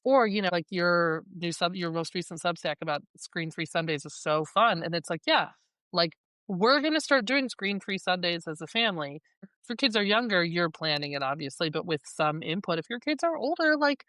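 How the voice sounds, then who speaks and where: Brief: lively woman in her forties, lowish smooth voice, dry close mic. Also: normal speed, no echo. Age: 40s. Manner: animated storyteller, many "like"s. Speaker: parenting coach guest. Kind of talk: casual interview chat.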